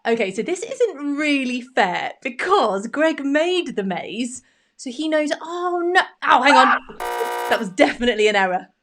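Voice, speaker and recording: A woman's voice: sits high, very animated, measured pace, fairly bright tone. A woman co-hosting a children's craft show, chatty and bubbly. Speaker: co-host. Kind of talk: playful kids' craft show chat.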